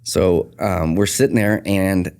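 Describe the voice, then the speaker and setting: Very low-voiced man telling a story. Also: takes it slowly, gravelly, clear, resonant tone. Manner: earnest, animated retelling with quoted dialogue. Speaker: tattoo artist and shop owner, guest. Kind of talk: casual storytelling in a podcast interview.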